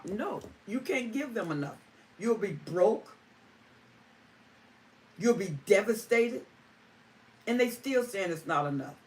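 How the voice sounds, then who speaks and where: Slow, emphatic woman on a livestream. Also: mid-range voice, expressive, darkish tone. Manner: emphatic, repeating lines for stress. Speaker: livestream host. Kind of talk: live chat reading viewer comments. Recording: distant mic with faint ambient noise.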